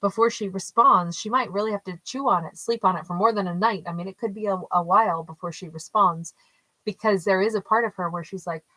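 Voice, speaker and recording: A woman giving a casual tarot reading, thinking aloud and questioning her own reading with animated asides. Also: medium pitch, normal speed, dry recording, low-quality recording. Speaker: tarot storyteller.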